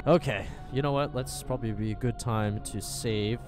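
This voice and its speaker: A young man commentating his own game as he plays, reacting loudly with panicked yelling, curses and laughter. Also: medium pitch, normal speed, soft background music. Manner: loud, jumpy reactions, swearing and panicked yelling. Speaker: gaming YouTuber. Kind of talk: let's play commentary.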